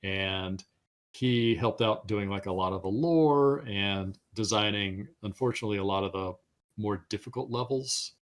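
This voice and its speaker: A man's voice: on the low side, normal speed. Rambling middle-aged male game designer. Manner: rambling storyteller, self-deprecating, trips on words. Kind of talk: casual interview chat.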